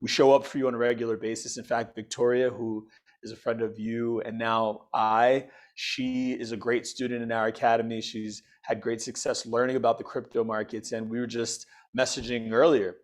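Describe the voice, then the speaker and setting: A man's voice: mid-range voice, flat delivery, moderate pace. A man with an ordinary mid-range voice talks as an interview guest. He is enthusiastic and upbeat, explaining his ideas through everyday comparisons. He sounds like he is on a remote call. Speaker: podcast guest, financial educator.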